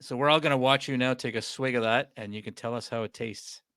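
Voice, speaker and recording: A man with a Canadian accent hosting a comedy podcast, excitable and laughing often. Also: mid-range voice, quick pace, no room sound, clean studio sound. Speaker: podcast host. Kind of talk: casual comedy podcast chat.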